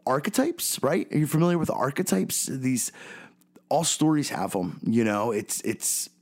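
A man's voice: medium pitch, very animated, unhurried, a little mellow. A man with a Philadelphia accent hosting a podcast, talking casually and often checking in with "right?" and "okay?". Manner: chatty, frequent "right?" and "okay?" check-ins. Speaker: podcast host.

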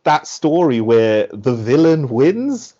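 A man rambles through a casual podcast chat, full of fillers and little acted-out quotes. His pitch is ordinary middle, and the sound is dull and lo-fi. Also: very animated, takes it slowly, warm tone. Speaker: wrestling podcast co-host. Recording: muffled lo-fi sound.

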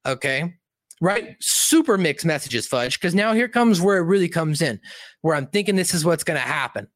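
A man casually recapping a film's plot out loud in a rambling, profane, animated way, seated indoors. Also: fairly high pitch, moderate pace, no echo, studio quality. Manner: animated, rambling, profane storytelling with many asides. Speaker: movie recap commentator. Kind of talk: casual spoken film recap.

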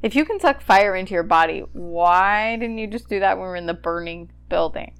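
A woman's voice: lowish voice, animated, a little fast, smooth. A woman playing a tabletop game, reacting to the others with dry, exasperated retorts. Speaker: player. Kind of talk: in-character tabletop play.

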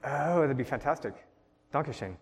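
A man's voice: mid-range voice, expressive, moderate pace, breathy edge. Upbeat male workshop instructor in a reverberant hall. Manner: upbeat, laughs often, coaching the group. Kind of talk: classroom teaching to a group.

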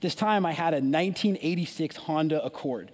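A man preaching a sermon as an animated story, with frequent restarts and asides. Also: on the high side, brisk, big-room sound.

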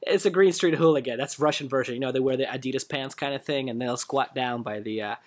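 A man's voice: medium pitch, fast. A man hosting a casual podcast chat as a fitness coach, laid-back, laughing often and swearing casually.

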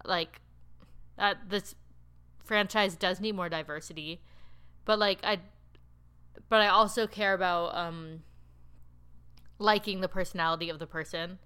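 A woman recapping a TV show in casual chat, rambling and animated with lots of filler words. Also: on the low side, unhurried, long pauses, clean tone. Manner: animated, laughing storyteller. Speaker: TV recap podcaster.

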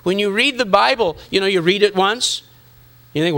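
Bright-voiced high-pitched male pastor preaching. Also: moderate pace. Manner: conversational, teasing the congregation, acting out inner voices. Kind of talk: sermon.

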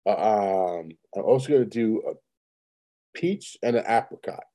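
A laid-back man co-hosting a podcast, rambling easily with casual swearing. His voice is mellow and dark, never sharp. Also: lowish voice, measured pace. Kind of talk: casual chat.

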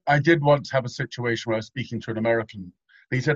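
A husky male voice at middle pitch, wry and understated. The sound is close, dry and dull. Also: fast talker, no room sound. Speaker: podcast panelist.

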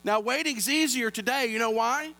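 A man's voice: extremely high pitch, normal speed, bright, forceful tone, in a large hall. A man, preaching a sermon with humorous stories and playful asides to the congregation, on a handheld microphone. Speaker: pastor.

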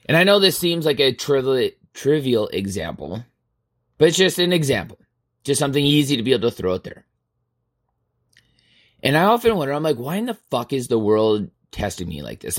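A man in his thirties hosting a podcast, rambling through a casual monologue full of swearing and exasperation. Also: mid-range voice. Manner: profane, rambling, exasperated storytelling. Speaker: podcast host.

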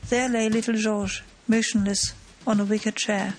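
A woman narrating an audiobook in a steady, measured way. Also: medium pitch, faint music behind, poor audio.

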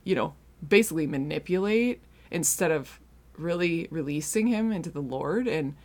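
A woman's voice: deep voice, expressive, moderate pace, a little mellow. A middle-aged woman hosting a faith-based podcast, talking earnestly and directly to her listeners in a casual, conversational way. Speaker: podcast host and marriage coach client.

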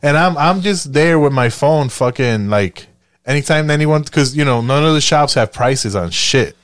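A young adult man from Chicago, telling a profane, animated story in casual chat and acting out the other people's lines. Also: a little high, normal speed, dry recording.

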